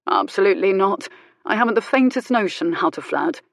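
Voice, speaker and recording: A woman voicing a calm, dry-witted male country vicar who speaks mildly but bluntly. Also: medium pitch, brisk, no echo, close to an everyday voice. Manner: mild, blunt, quietly commanding.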